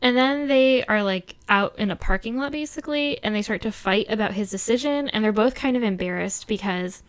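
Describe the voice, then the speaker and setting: A woman co-hosting a casual chat, recapping a drama with lots of laughs and quick quoted asides. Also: medium pitch, clear, resonant tone. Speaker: podcast co-host recapping a drama.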